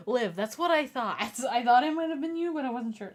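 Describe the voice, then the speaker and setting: A woman's voice: fairly high pitch, expressive, fairly quick, slight background noise. Giggly young woman chatting on stream. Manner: giggly, laughs often between sentences; soft, coaxing voice when calling her dog. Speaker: live streamer. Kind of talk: casual livestream chat. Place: at home.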